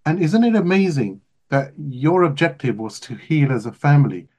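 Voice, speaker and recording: A man's voice: on the high side, lively intonation, normal speed, warm tone. A man hosting an interview, effusive, asking rhetorical questions and repeating his points for emphasis. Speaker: podcast host. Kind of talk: interview conversation.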